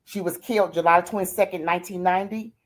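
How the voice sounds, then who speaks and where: Here a grandmother talks quickly with a steady tone and a fairly low pitch. As a guest in a streamed interview, she recounts her life warmly and informally, with frequent repetitions of "I said" and "she said."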